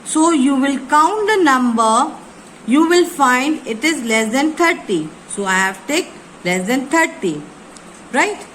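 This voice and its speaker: A woman teaching a lesson, reading textbook lines slowly and repeating her phrases as she explains. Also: high voice, expressive, a bit bright, slight background noise, low-quality recording. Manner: repeats phrases, slow deliberate reading with pauses. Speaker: English teacher. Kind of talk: slow classroom explanation, reading textbook aloud.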